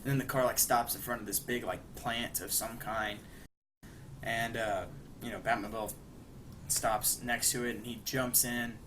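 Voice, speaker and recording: A man's voice: medium pitch, moderate pace. A young man chats in a loose, rambling way, recapping a cartoon plot with plenty of fillers. He slips into brief quoted lines for the characters. There is a faint hiss of noise behind him. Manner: rambling, acts out quoted lines with animated bursts. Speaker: podcast co-host. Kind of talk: casual chat, retelling an episode.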